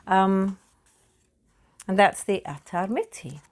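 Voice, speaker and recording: A British woman, a perfumer, talking casually about perfume materials. She is chatty, laughs often and repeats her words when she gets excited. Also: medium pitch, slow pace, a little hiss or hum.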